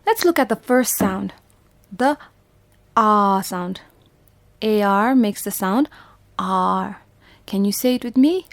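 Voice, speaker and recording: A woman from Bhutan teaches young children phonics at a very unhurried pace, spelling out letter sounds and repeating each word with patience. Her voice sits in a middle range and is recorded close and dry, with no room around it. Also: mid-range voice, animated, dry recording. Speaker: primary school English teacher.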